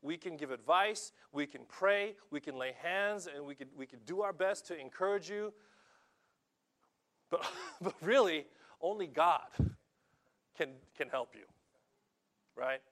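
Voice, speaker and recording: A middle-aged male pastor delivers a sermon in a somewhat high voice. He is animated and often stammers, repeating words as he goes. His delivery swings between loud, emphatic bursts and hushed, quiet lines. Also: unhurried, pauses often.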